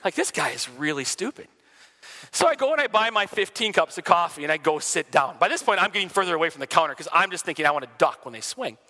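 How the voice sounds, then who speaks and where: A man, a pastor, telling stories in an animated way during a conversation, with his voice rising and dropping as he goes. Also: sits high, fast, few pauses, long reverb tail. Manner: animated storyteller, swings loud and soft. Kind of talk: storytelling in a conversation.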